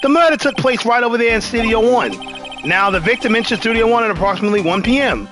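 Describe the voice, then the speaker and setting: A streamer voicing a gruff, bumbling male detective in a New York accent, calling everyone "pal", over game music. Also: mid-range voice, animated, fast talker, voice pushed up, natural voice. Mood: blustery. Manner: tacks "pal" onto lines, loud and blustery.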